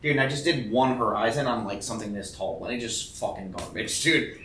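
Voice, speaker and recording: A man's voice: medium pitch, brisk, a bit bright, recorded from a distance, slight background noise. A young man telling a long story in casual chat, rambling and swearing a lot, acting out what people said. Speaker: tattoo artist guest. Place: tattoo convention. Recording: roomy sound, a bit off-mic.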